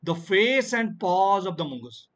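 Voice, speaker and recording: Male teacher, fairly high voice, online class, explains by repeating and answering his own questions. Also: big pitch swings, measured pace, a bit bright.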